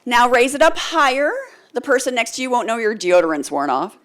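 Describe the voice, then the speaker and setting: Female keynote speaker from the US, on stage with a slightly high voice, animated storyteller who gets the audience answering back. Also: fairly quick. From United States. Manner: animated, calls for audience responses; storytelling, acts out quoted lines. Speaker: motivational speaker. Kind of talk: keynote speech to a live audience. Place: stage before a live audience.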